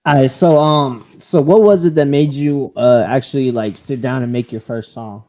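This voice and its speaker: Mellow-voiced male podcast host. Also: medium pitch, moderate pace. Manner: easygoing, brief prompts with fillers. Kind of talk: casual interview hosting.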